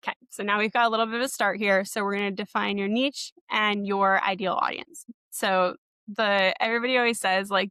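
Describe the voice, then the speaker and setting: Young woman coach, mid-range voice, relaxed and upbeat, filler-heavy talk, dry recording. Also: mid-range voice, clear, resonant tone, no room sound. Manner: casual, encouraging, many "like" and "you know" fillers. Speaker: podcast host and marketing coach. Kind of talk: webinar teaching.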